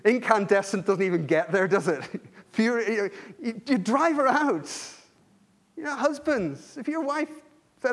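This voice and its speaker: A man's voice: extremely high pitch, unhurried. A man preaching a sermon, earnest and emphatic, often repeating himself and restarting phrases.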